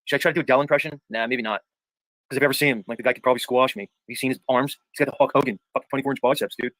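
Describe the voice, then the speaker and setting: Rapid-fire, emphatic livestream host man. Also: mid-range voice, fairly even intonation, fairly bright tone, no echo, low-quality recording. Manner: emphatic, peppers talk with "dude" and "bro"; argumentative, repeats points for emphasis. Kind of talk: casual livestream chat, reading viewer comments aloud.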